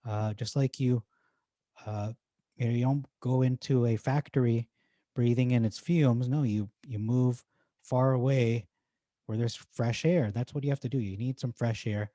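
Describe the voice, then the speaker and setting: A man with an Irish accent talks through forum posts in a loose, chatty vlog, dropping jokey asides between points. His voice sits mid-pitch with a mellow, dark tone. The sound is dry and close, with almost no room. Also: fairly even intonation, unhurried, no room sound. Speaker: stock market YouTuber. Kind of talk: casual commentary reading forum posts.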